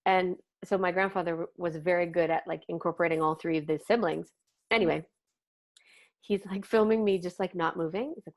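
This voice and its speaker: A woman in her thirties, a comic actor and podcast guest, telling candid stories in an animated way and swearing casually. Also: fairly low pitch, brisk. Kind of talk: casual interview chat.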